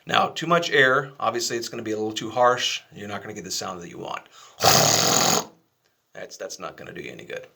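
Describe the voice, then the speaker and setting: A man giving a casual, chatty flute lesson, relaxed and a little self-deprecating. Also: lowish voice, brisk, creaky, background noise. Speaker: flute teacher.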